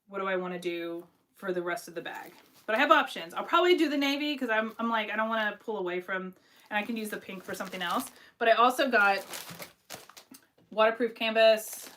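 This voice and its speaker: A woman's voice: medium pitch, fairly bright tone. A woman hosting a live craft stream, chatting casually about her sewing supplies, with lots of fillers. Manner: chatty, lots of fillers, reads viewer comments aloud. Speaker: craft livestream host.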